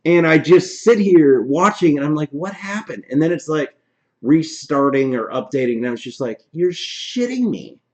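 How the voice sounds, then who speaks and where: A man streamer telling his viewers a story in casual talk, animated and profane, swinging from low mutters to shouting, worn out from no sleep. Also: normal speed. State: tired from no sleep.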